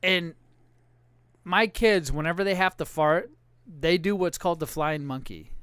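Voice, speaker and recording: Profane, animated storytelling man. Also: a little high, unhurried, clean tone, no echo. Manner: profane, animated, acts out voices in anecdotes. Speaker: podcast co-host. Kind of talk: crude casual storytelling.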